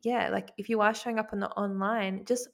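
A woman in a casual podcast chat, with a strongly gravelly, fry-heavy voice. She speaks thoughtfully, hedging and restarting phrases as she works through an idea. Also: mid-range voice, steady tone, a little fast.

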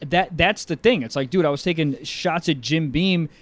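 A young man co-hosting a podcast, chatting casually and crudely with a rambling, animated manner. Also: a little high, normal speed. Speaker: podcast co-host. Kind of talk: casual comedic chat.

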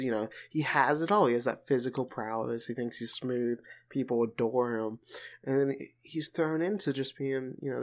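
A man's voice: mid-range voice, gravelly. A man co-hosting a podcast, chatting casually and animatedly, retelling scenes with jokes. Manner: animated, joking storyteller. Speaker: podcast co-host. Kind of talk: casual chat.

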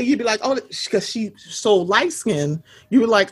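Husky-voiced woman, blunt chatty co-host. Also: on the high side, normal speed. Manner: blunt, profane, animated storytelling. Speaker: podcast co-host. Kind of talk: casual chat.

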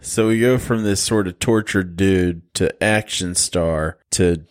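A man with a fairly low voice runs through a film plot in loose, joking podcast chat. He laughs often as he tells it and jumps around mid-sentence. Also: slow pace. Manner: joking, animated retelling with laughs. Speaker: podcast co-host. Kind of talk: casual movie-review chat.

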